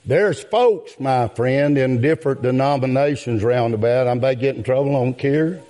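A man preaching a sermon in a drawn-out cadence that rises into outbursts. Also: mid-range voice, warm tone. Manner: calls out "my friend" and "yes, sir".

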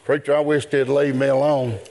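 An older man, preaching a sermon in a rhythmic style that builds to shouts. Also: mid-range voice, little pitch movement, brisk.

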